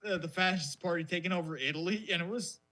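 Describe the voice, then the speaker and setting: A man's voice: sits high, fast, sharp tone. A man co-hosting a podcast in casual chat, ranting in a mocking, profane way. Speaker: podcast co-host.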